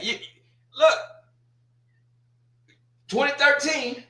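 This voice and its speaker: A man's voice: high-pitched, animated, unhurried, sharp tone, echoey room. A man hosting a casual sports talk stream, teasing and trash-talking a team and repeating his points. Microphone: streaming setup.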